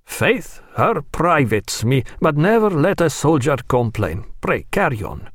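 A man voicing a hearty male army colonel who draws out his warm greetings, in an audiobook reading. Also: a little high, sing-song, measured pace, no room sound, studio quality, voice pushed up, heavily acted.

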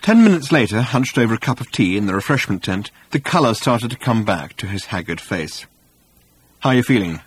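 A man narrating an audiobook with wry, animated storytelling, recorded on a close studio mic. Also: fairly low pitch, fairly quick, few pauses, slightly rough, dry recording.

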